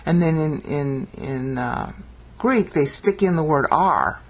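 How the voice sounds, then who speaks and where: A Bible language teacher, speaking slowly at medium pitch with lively intonation, leads a video lesson built on screen slides. He works through the text word by word, frequently checks in with "okay?", and chants ancient phrases that rise dramatically.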